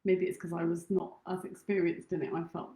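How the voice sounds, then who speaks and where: A woman's voice: on the low side, level tone, brisk, dark tone, roomy sound. A woman co-hosting a live question-and-answer session on dance, chatting casually and laughing often. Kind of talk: casual live-stream chat.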